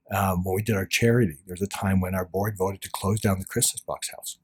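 A man's voice: low voice, steady tone, fairly quick, few pauses, breathy edge. A man speaking as an interview guest, talking earnestly and often dropping to a near-whisper. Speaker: guest author. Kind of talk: reflective interview talk.

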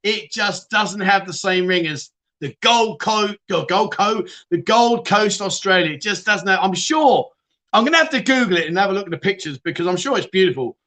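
A man's voice: high voice, expressive, a little fast, sharp tone. A middle-aged man hosting a casual live stream, chatting and greeting viewers by name, often laughing. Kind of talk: casual chat reading live comments.

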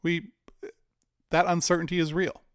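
A man's voice: fairly high pitch, flat delivery, normal speed, clear, resonant tone, dry recording, studio quality. A man, likely in his forties, telling a candid personal story in a conversational way with asides. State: cancer patient.

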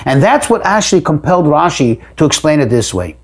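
Male teacher with a higher voice who works through a text phrase by phrase and repeats words as he thinks. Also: brisk, breathy edge. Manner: reads a phrase aloud, then explains it in plain words; repeats words while thinking, lively rises for emphasis. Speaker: Torah teacher. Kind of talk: line-by-line text study lesson.

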